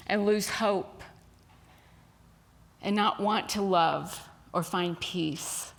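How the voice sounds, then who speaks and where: A woman's voice: mid-range voice, slow pace, long pauses. A woman minister giving a Sunday sermon in a spiritual center, talking conversationally with asides and a joke.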